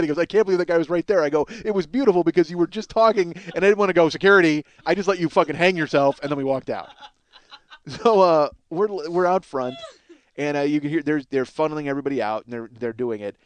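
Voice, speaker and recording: A man's voice: on the high side, quick pace, smooth. A man telling a rambling, profane story as a podcast host, acting out what others said. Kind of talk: casual storytelling monologue.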